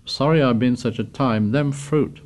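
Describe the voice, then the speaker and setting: Male reader doing a fussy, plaintive plump schoolboy for an audiobook, mid pitch, earnest and confiding. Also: normal speed, a little mellow, lightly acted. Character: anxious, fussy plump schoolboy, about twelve.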